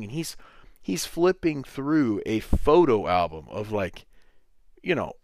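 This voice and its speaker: A man hosting a podcast, telling a story in a casual, animated way and acting out other people's lines. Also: on the low side, no echo, clean studio sound. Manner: animated, quotes other people in raised voices. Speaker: podcast host.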